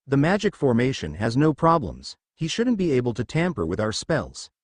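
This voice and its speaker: A man voicing flustered soldiers who report to their commander in a hurried, nervous way. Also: mid-range voice, wildly swooping pitch, dry recording.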